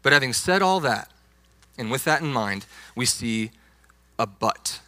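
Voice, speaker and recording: A man's voice: medium pitch, lively intonation, measured pace, bright, forceful tone, no room sound. A young adult man, a youth pastor, preaching a sermon with emphatic, insistent stress on key words.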